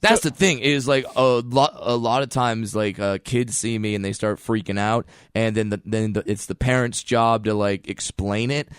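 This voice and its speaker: A man's voice: fairly low pitch, normal speed, few pauses, smooth, no echo. A man telling comic stories in a chat, acting out the people he quotes. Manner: animated storyteller who acts out quoted voices. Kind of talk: storytelling chat.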